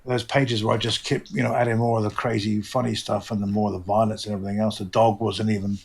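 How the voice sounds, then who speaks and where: A man's voice: lowish voice, level tone, quick pace, vocal fry, husky. A middle-aged man with an English accent, a comic book artist talking loosely and animatedly in an interview, swearing freely and sometimes mimicking voices. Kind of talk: casual interview chat.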